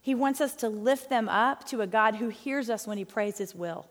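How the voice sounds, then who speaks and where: A middle-aged woman teaching a Bible study in a chatty, folksy, animated way. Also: on the high side, moderate pace, in a large hall.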